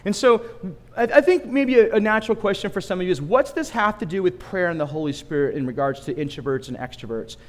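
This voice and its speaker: A man preaching a sermon, telling a story in a lively, conversational way with asides to the congregation. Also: high voice, fast, big-room sound. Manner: animated storytelling with asides to the room. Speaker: pastor.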